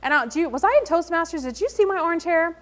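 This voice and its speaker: A woman's voice: extremely high pitch, expressive, fast, fairly bright tone. A woman giving a motivational talk to a live audience at an event, telling stories and acting out the quoted lines as she goes. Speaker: invited speaker at an entrepreneurship event. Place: event hall in front of an audience.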